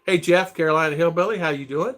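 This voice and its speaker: A man's voice: fairly high pitch, quick pace, a bit bright. A middle-aged man hosting a casual livestream chat, greeting viewers by name in a chatty way. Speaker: livestream host.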